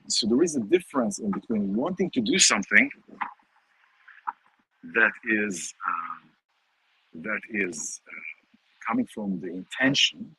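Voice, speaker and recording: A man giving a casual Torah talk to viewers from a casino, halting, repeating words, with many fillers. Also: fairly low pitch, pushed and bright, breathy edge, no room sound, poor audio. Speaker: host. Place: in a casino in Vegas.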